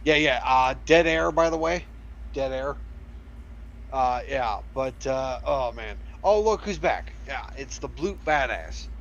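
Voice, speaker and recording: A man's voice: mid-range voice, expressive, slow, vocal fry, highs cut off. A man co-hosting a podcast, mumbling through fillers in casual banter. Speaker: podcast co-host.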